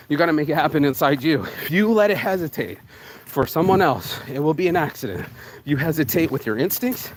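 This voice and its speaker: Man vlogger, raised voice, preachy and profane, in a park with light traffic behind him. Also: fairly high pitch. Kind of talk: casual motivational vlog. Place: outdoor park.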